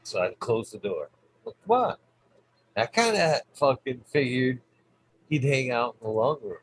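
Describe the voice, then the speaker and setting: A man's voice: medium pitch, expressive, normal speed, slight background noise, poor audio. A man hosting his own channel, telling a rambling, swear-heavy story in casual vlog style. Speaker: channel host.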